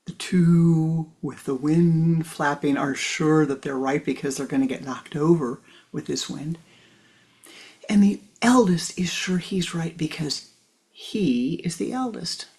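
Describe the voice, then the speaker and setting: A woman spiritual teacher telling a parable in a slow, gentle storytelling manner. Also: low-pitched.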